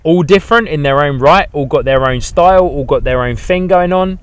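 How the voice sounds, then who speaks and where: A man's voice: a little high, fairly quick, clean tone. A man hosting a live plane-spotting stream outdoors at an airport, chatting in a rambling, easygoing way. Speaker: livestream host.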